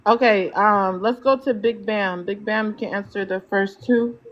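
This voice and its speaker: Lady host running a live panel, brisk and bossy, kinda muffled lo-fi audio. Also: medium pitch, steady tone. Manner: brisk, directive.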